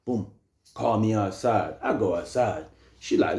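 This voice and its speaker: A young man casually telling a story, animated and slangy, often repeating phrases. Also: fairly low pitch, moderate pace, gravelly. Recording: roomy echo.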